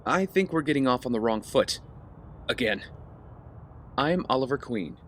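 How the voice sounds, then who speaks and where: A man's voice: mid-range voice, animated, moderate pace, fairly bright tone, a little hiss or hum, close to an everyday voice. An earnest rich young man, voiced by a man. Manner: earnest, conciliatory. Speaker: wealthy heir. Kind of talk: audio drama acting.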